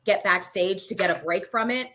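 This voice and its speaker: A woman's voice: medium pitch, moderate pace, over a noisy crowd. A woman radio personality, a guest in a casual interview, talking frankly with profanity, laughter and frequent fillers. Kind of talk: candid casual chat.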